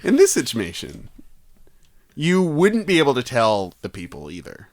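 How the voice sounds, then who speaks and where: A man's voice: mid-range voice, wildly swooping pitch, normal speed, no room sound, studio quality. A man co-hosting a comedy podcast, playful and laughing, hamming up his jokes. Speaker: podcast co-host. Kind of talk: casual comedic banter.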